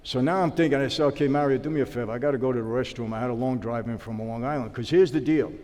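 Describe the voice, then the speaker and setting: A man's voice: medium pitch, very fast, in a large hall. New man telling a story. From New York. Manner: animated storyteller acting out dialogue. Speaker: interview guest, former mobster. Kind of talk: storytelling in a sit-down interview.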